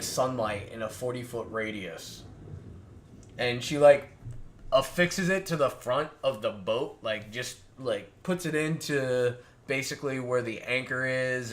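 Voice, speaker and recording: A man running a tabletop game as game master, narrating in a relaxed way with many filler sounds. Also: mid-range voice, a little hiss or hum. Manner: relaxed, lots of filler sounds, laughs often.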